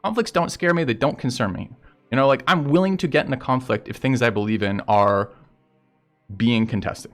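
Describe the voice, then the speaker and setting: A man's voice: mid-range voice, normal speed, faint music behind. Blunt, profane man ranting. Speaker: streamer. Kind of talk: casual stream chat.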